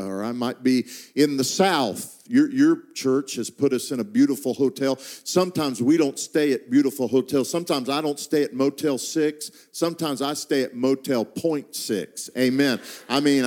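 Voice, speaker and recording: A middle-aged traveling preacher with a mid-range, slightly mellow voice stands on a church stage before a congregation. He tells a personal story during his sermon, then swells into impassioned prayer.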